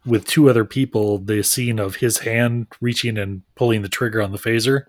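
A man's voice: on the low side, steady tone, normal speed, dry recording, studio quality. A man co-hosting a casual chat, explaining behind-the-scenes details of an episode and laughing along. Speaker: podcast co-host.

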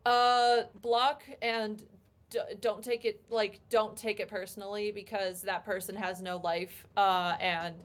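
A young adult woman appears as a cosplayer guest, answering interview questions casually and chattily, with lots of "like" and "um." Her medium-pitched voice is flat in delivery and a little slow.

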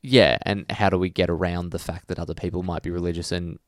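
A man's voice: low voice, level tone, fast, dry recording, studio quality. A man co-hosting a podcast in casual chat, ranting heatedly with profanity and restarts. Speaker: podcast co-host.

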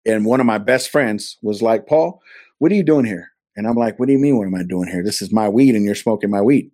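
A man's voice: fairly low pitch, quick pace, a little mellow, dry recording, studio quality. A man from California, an interview guest, earnestly telling a personal testimony and acting out the dialogue he quotes. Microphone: video call.

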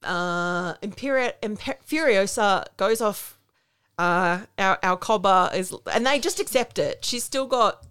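A woman's voice: mid-range voice, measured pace, fairly bright tone, smooth. An Australian woman co-hosting a podcast, chatting casually and recapping plots with blunt asides. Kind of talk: casual chat.

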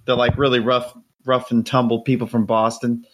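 A male podcast host talking casually, circling and restarting his sentences as he tells a story. His voice sits at a plain middle pitch, neither deep nor high. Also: level tone, moderate pace, a bit bright. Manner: rambling storyteller, lots of restarts and fillers.

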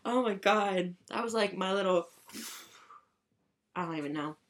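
A young woman vlogging in casual chat, profane and chatty, rising into excited high bursts. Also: unhurried.

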